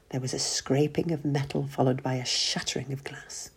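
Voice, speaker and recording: A woman reading a short story aloud, narrating in a steady, husky voice. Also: extremely low pitch, moderate pace, hardly any pauses.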